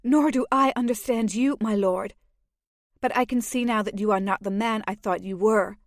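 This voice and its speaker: A woman's voice: mid-range voice, moderate pace, dry recording, clean studio sound, natural voice. A woman voicing a proud, defiant young noblewoman in an audiobook, who speaks in an indignant and guarded way. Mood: wounded. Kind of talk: audiobook character voice.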